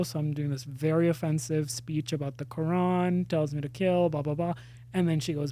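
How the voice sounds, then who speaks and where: A man's voice: fairly high pitch, a little fast, no room sound. A man in his thirties from India, an actor telling funny stories about himself in a casual chat, laughing as he goes. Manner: animated, self-mocking, laughs through stories. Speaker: actor and podcast guest.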